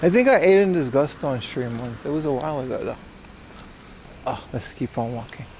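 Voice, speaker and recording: A man's voice: medium pitch, animated, normal speed, darkish tone, a little hiss or hum. A man livestreaming as he walks outside, chatting and joking with his viewers. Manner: chatty, joking, talks to chat. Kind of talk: casual IRL stream chat. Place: outdoors on a street.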